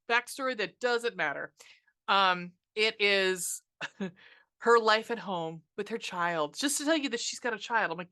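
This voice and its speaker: Young woman host, sarcastic profane movie ranter, bright forceful voice. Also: mid-range voice, animated, moderate pace. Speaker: podcast host reviewing a movie. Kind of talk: casual ranting movie review.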